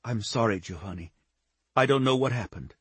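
A man reading a tearful, overwhelmed young woman in a story, speaking in a shaky, halting, apologetic way. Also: medium pitch, fairly bright tone, breathy edge, no echo. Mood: anxious.

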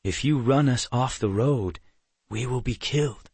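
A calm, soft-spoken grown man who keeps his words measured even when threatened, as a male narrator voices him. His tone is quiet and steady in a dry, close recording. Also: medium pitch, breathy edge, no echo.

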